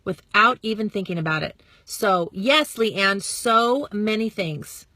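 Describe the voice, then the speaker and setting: Woman, 30s, upbeat sales coach, chatty, mid-pitched, dry close recording. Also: lively intonation, sharp tone, dry recording. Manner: bubbly, chatty, acts out quick quoted dialogue. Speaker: network marketing coach. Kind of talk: casual motivational talk to followers.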